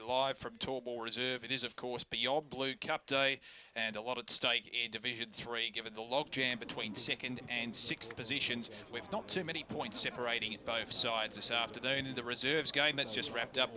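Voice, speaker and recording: A man hosting a local football radio broadcast, reading links and asking a guest questions. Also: medium pitch. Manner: smooth, scripted links and friendly questions. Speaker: sports radio host. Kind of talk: sports radio presenting.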